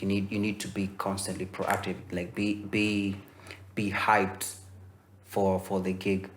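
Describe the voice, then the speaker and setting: A young man from Kenya teaching voice-over in a relaxed, explanatory way, with many fillers and restarts. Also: sits low, a little hiss or hum. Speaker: voice-over coach. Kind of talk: instructional masterclass.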